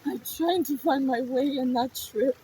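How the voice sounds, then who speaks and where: A woman's voice: high voice, unhurried, dark tone, slight background noise, rough recording. A woman telling a personal story in a raw, emotional, profane way.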